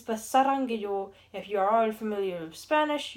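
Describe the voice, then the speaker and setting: A woman giving a casual homemade language lesson, pausing often and slowly repeating sounds for practice. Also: a little high. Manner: halting, many restarts and fillers. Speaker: language teacher.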